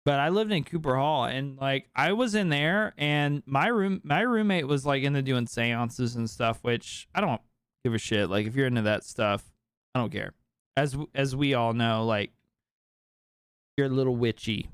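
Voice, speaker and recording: A man in his late twenties telling a personal story in casual podcast chat, animated and full of swearing and filler words. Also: mid-range voice, moderate pace, clean tone, dry recording, studio quality. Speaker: podcast speaker.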